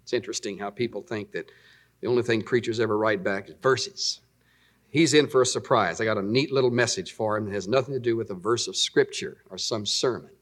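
A middle-aged man preaching a conversational, animated sermon as pastor. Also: on the low side, fairly quick.

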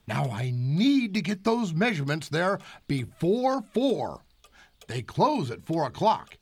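A woman's voice: low-pitched, very animated, slow pace, darkish tone, husky, dry recording, full character voice. A woman doing a fussy fix-it man.

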